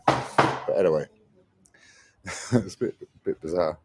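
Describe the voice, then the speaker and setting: A travel vlogger in his forties rambles casually on a livestream while traveling in Argentina, calling his viewers mate. His low voice is fairly even and brisk, he pauses often, and the audio is very noisy.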